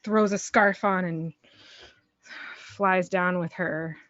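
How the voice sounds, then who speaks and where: A woman's voice: lowish voice, fairly even intonation, slow pace, fairly bright tone, dry recording. A woman playing in a tabletop role-playing game, chatting casually and rambling as she describes her character's actions. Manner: chatty, rambling, full of likes. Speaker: player. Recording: dry, slightly muffled stream audio.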